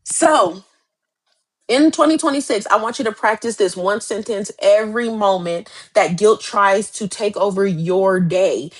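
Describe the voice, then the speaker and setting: A woman's voice: mid-range voice, unhurried, breathy edge. A woman life coach giving a live motivational talk, speaking emphatically and directly with lots of repetition.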